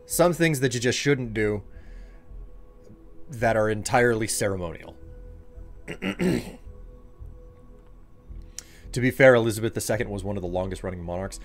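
A man's voice: lowish voice, expressive, moderate pace, creaky, long pauses. Streamer guy, jokey rambling chat, faint music behind. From United States. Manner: joking, rambling, talks to chat. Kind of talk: casual live-stream chat.

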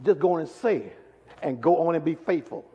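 A man preaching a call-and-response sermon, pressing the congregation with repeated questions and swinging between loud calls and quiet asides. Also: a little high, lively intonation, fairly quick, lo-fi sound, slight background noise. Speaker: pastor. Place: large church sanctuary. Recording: echoey church hall.

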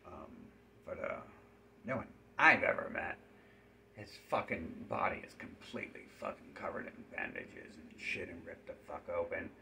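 A man's voice: sits low, lively intonation, moderate pace, creaky, sharp tone, a little hiss or hum. A man speaking in a rambling, profane, run-on monologue.

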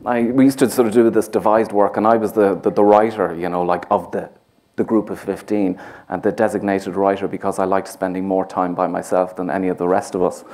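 A man's voice: low voice, little pitch movement, a little fast, a little mellow. A man with a Dublin Irish accent, a playwright talking onstage in a rambling, self-mocking way, full of fillers. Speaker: playwright guest. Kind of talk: onstage conversation. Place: theatre stage before an audience.

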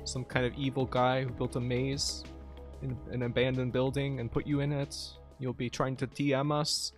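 A man's voice: medium pitch, little pitch movement, normal speed, faint music behind. A man streaming a game live, chatting casually with viewers, teasing them and reading menus aloud.

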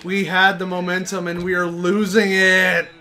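Young male gaming host with a high, bright voice; excitable play-by-play of his own match. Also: moderate pace. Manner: excitable, shouts at big plays, groans at misses. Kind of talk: live gameplay commentary.

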